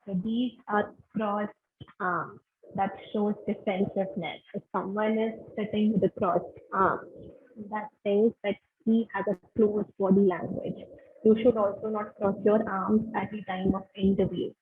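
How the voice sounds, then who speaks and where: A woman's voice: medium pitch, little pitch movement, unhurried, slight background noise. Indian woman trainer on a tinny line. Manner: instructive, gives direct tips. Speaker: webinar trainer. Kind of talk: online training lecture. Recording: tinny phone-line webinar audio.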